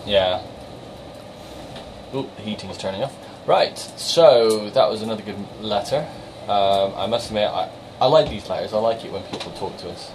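Lower-voiced man with a Somerset accent, podcast co-host, playful and chatty. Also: a little hiss or hum, poor audio. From Somerset, England. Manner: chatty, jokey, quick to laugh. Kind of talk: casual banter and game reviews.

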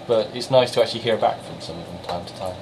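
A man's voice: fairly low pitch, noisy background. Jokey man with a Somerset accent. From Somerset, England. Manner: chatty, jokey, quick to laugh. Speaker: podcast co-host. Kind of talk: casual banter and game reviews.

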